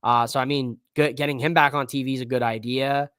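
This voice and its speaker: A man's voice: medium pitch, steady tone, fairly quick, fairly bright tone, smooth, no echo, studio quality. A man hosting a casual live-stream wrestling show, talking loosely with slang and lots of fillers. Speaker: wrestling podcast host.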